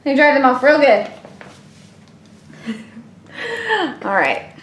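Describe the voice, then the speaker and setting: A woman's voice: high-pitched, sing-song, drawn-out words, a bit bright, echoey room, a little hiss or hum. A woman unboxing toys on her own channel, gushing and playful, squealing with delight at each surprise. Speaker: toy unboxing vlogger. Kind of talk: excited toy unboxing chatter.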